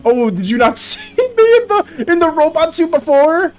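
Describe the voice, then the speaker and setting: An art streamer in casual live-stream chat, talking to viewers in a stammering, flustered, excitable way and repeating words often. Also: extremely high pitch, moderate pace, soft background music.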